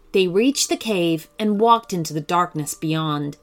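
A woman narrating a children's story in an expressive, animated way, with soft music behind. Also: on the low side, a little slow.

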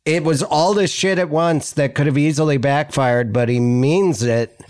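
A man's voice: on the high side, moderate pace, a little mellow, clear, resonant tone. A man who is a comedian, chatting as a podcast guest with a riffing, jokey manner. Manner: riffing, jokey, slips into silly impressions. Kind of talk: casual chat.

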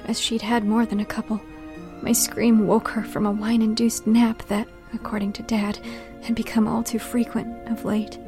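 Female narrator, somewhat high-pitched, hushed and half-whispered storytelling read, music bed underneath. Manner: hushed, often dropping to a whisper.

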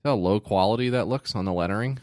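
A man's voice: lowish voice, fast talker, darkish tone, dry recording. A man co-hosting a comedy podcast in a studio, chatting casually in a dry, wry manner. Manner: dry, wry, reads items aloud. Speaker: podcast co-host. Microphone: close studio mic, headphones.

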